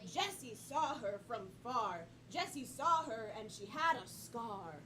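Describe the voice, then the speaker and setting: A woman improv performer telling a made-up story on stage, playful and quick to giggle. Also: on the high side, lively intonation, heavy background noise. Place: live comedy theater with audience. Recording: distant mic with loud crowd.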